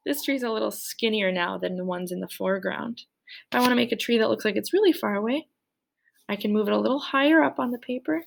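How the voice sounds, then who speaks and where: Gravelly-voiced woman teaching kids to draw. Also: on the high side, fairly quick. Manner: cheerful, playful, speaks directly to kids. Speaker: art teacher. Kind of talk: children's drawing lesson.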